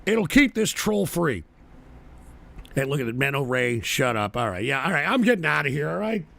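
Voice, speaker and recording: A man hosting a live political show, ranting with constant swearing, his voice hoarse and strained. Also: fairly high pitch, sing-song, moderate pace, a bit bright. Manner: profane, angry ranting at chat. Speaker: political talk show host. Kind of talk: livestream political rant.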